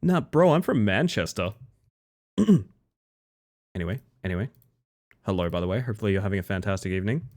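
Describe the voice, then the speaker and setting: Young man, streamer, casual chat, lively pitch, excitable, swears freely. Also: a little fast, long pauses. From Australia. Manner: animated, swears freely, reads chat aloud.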